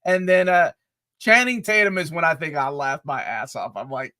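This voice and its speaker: A man co-hosting a casual movie review, excitable and laughing often. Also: fairly high pitch, normal speed, no room sound, clean studio sound. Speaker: podcast co-host.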